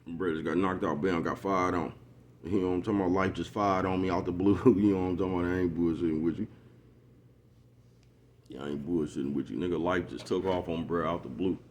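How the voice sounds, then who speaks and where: Deep-voiced man rambling in street slang. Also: steady tone, fairly quick, darkish tone, a little hiss or hum. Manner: rambling, repetitive, street slang, keeps asking "you know what I'm talking about". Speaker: vlogger. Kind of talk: casual motivational monologue.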